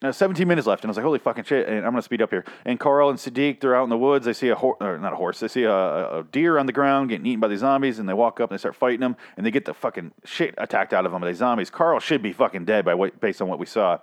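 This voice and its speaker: A man's voice: lowish voice, lively intonation, very fast, hardly any pauses. A man giving a casual, profane TV recap, rambling and sarcastic, often stumbling over his words. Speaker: TV show recap host.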